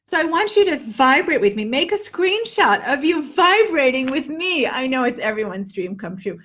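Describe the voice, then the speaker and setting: A woman's voice: high-pitched, big pitch swings, moderate pace, a bit bright. Playful woman teaching pronunciation. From Netherlands-based. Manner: playful, joking, exaggerated drills. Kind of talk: live online lesson. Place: home, indoors.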